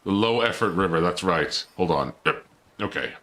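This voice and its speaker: A man's voice: low voice, lively intonation, moderate pace, fairly bright tone. A male streamer giving live gameplay commentary, teasing and taunting in a playful, theatrical mock-villain way.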